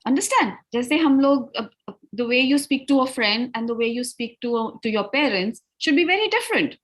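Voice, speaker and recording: High pitched indian english lady coaching students on a video call, slips into hindi. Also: lively intonation, quick pace, low-quality recording. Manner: mixes Hindi into English, asks students to try. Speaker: spoken English teacher. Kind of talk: online class, coaching students.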